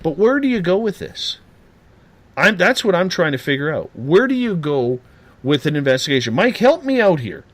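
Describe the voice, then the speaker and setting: A man hosting a late-night radio talk show, animated and teasing as he rants. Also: on the high side, normal speed.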